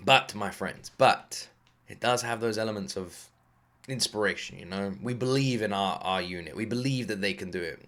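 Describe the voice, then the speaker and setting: Man, anime reaction host, casual excitable commentary, frequent swearing, lingering cough. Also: fairly low pitch, normal speed. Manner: excitable, swears freely, rambling.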